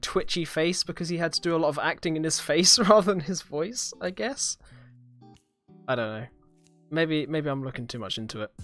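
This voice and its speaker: A young British man hosts a live-streamed podcast, casually rambling through a review of a series with plenty of fillers and hesitations. His voice is medium-pitched and a bit bright.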